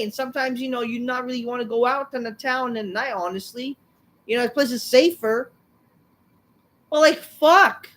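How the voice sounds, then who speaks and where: A woman with a high voice rants through a wrestling show review, cursing at every turn and repeating her insults. She swings between grumbling and loud shouts. The voice stays high and sharp in its anger. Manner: angry, swearing, repeating insults; bursts into shouting. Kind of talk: profane ranting review.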